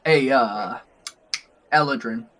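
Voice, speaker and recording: Bright-voiced young man running a game. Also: mid-range voice, takes it slowly, a little hiss or hum. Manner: rambling, giggly, filler-heavy narration. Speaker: game master. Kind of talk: narrating a tabletop game.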